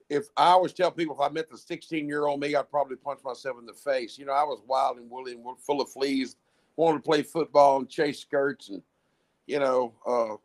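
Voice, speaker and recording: A man telling stories in a rambling, blunt way, often restarting his sentences. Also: mid-range voice. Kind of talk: casual storytelling chat.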